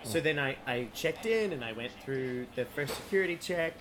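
A man's voice: fairly high pitch, lively intonation, normal speed. A man casually telling a comic travel anecdote on a podcast, laughing often. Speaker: podcast co-host. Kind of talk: casual chat, storytelling. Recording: noticeable background noise.

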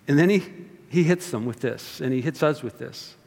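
A man's voice: a little high, moderate pace, creaky, a little mellow, in a large hall. A man preaching a sermon, talking conversationally to the congregation with rhetorical asides. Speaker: pastor.

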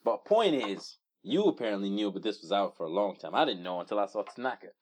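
Animated young man telling a story. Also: fairly low pitch, quick pace. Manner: animated storyteller, acts out screams and voices. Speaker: podcast co-host. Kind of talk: casual chat.

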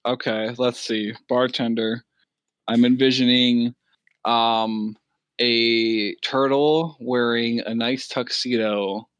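Give me a man game master, thinking aloud, mid-pitched, on a video call. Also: steady tone, slow pace, a bit bright, clean tone, no room sound. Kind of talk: improvised tabletop narration.

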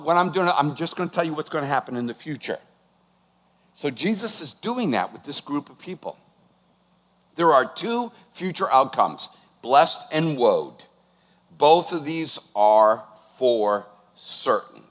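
A man preaching a sermon, animated, rising to bursts of emphasis. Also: fairly high pitch. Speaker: pastor. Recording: long hall reverb.

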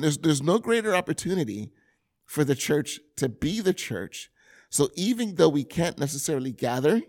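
A man's voice: mid-range voice, a little mellow. A male pastor with a Californian accent, hosting his church podcast in an earnest, conversational way with touches of self-deprecating humor. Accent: Californian English. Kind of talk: podcast intro talk.

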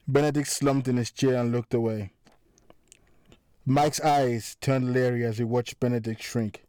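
A man narrating a crime story in a measured, dramatic reading. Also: medium pitch, steady tone, darkish tone, clear, resonant tone, dry recording.

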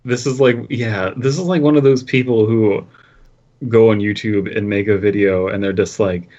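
A man's voice: on the low side, steady tone, moderate pace, darkish tone, muffled recording. A man co-hosting a casual comedy podcast, rambling loosely and joking as he talks. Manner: rambling, laughs between jokes. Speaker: podcast co-host.

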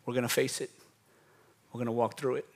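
A man preaching a sermon in an emphatic, conversational way, drawing out phrases and dropping to a hush. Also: medium pitch, little pitch movement, fairly quick.

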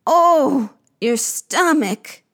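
A woman's voice: high-pitched, sing-song, a little slow, voice pushed up. A woman voicing two sexless magical creatures who moan and sigh back in unison, in a storytelling reading. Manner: sighing in unison.

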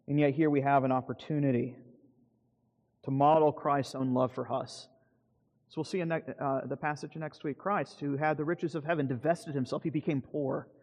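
A man preaching a sermon as pastor, earnest and emphatic, rising on key phrases and dropping low at the ends of his points. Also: a little mellow, long reverb tail, lo-fi sound.

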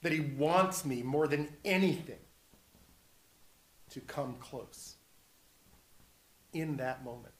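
A man preaching a sermon, slow and earnest, building to emphatic repetition. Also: on the high side, echoey room.

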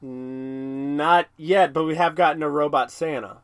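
A man's voice: a little high, fairly even intonation, measured pace, no echo, studio quality. A man co-hosting a podcast, chatting loosely about a cartoon episode, rambling and laughing often. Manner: rambling, laughs often, quotes characters in silly voices. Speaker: podcast co-host. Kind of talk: casual chat recapping a cartoon episode.

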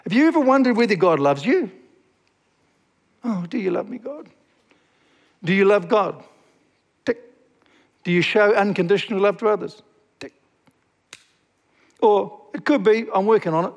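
A man preaching a sermon as a pastor, reading scripture slowly and asking the congregation questions. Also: high voice, lively intonation, long reverb tail.

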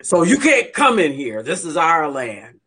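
A man's voice: a little high, huge pitch swings, measured pace, fairly bright tone, slightly rough, full character voice. A man playing a talking horse star who resents his farmer owner, in an improvised comedy scene. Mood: defiant. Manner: indignant, complaining.

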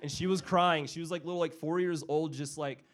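A young man with a slightly higher-than-usual voice tells a personal story in casual conversation. He is animated and chatty, full of fillers, and jumps into the voices of the people in his story. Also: fairly quick. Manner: animated, acts out family voices with filler words.

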